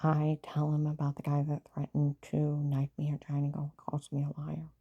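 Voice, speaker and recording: A woman's voice: low-pitched, monotone, normal speed, slightly rough, highs cut off. A woman telling her own story in a rambling personal account, agitated and jumping between events while quoting others.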